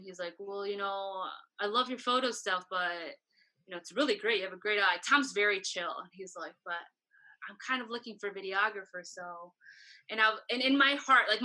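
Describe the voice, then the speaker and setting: A woman guest on an interview podcast, chatty and animated, telling a long story and acting out the other people's lines. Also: mid-range voice, rough recording. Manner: chatty, animated, acts out quoted dialogue. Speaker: guest, tour photographer.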